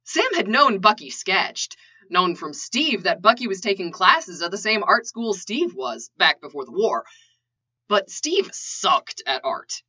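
A woman's voice: medium pitch, sing-song, a little slow, sharp tone, husky. A woman narrating a story in a playful way with joking asides, in a lo-fi recording. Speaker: reader. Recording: lo-fi dull recording.

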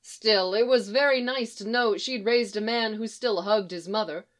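A woman narrating a story in an even, unhurried read-aloud. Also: medium pitch.

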